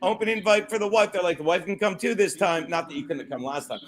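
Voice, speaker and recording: A man's voice: high-pitched, fast talker. A man, a comedian and podcast host, swearing freely as he tells a story in casual chat.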